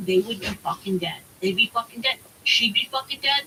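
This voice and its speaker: A woman's voice: on the high side, lively intonation, fairly quick, few pauses. An American woman streamer in casual chat, ranting heatedly and swearing a lot, with many fillers. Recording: distant mic with faint hiss.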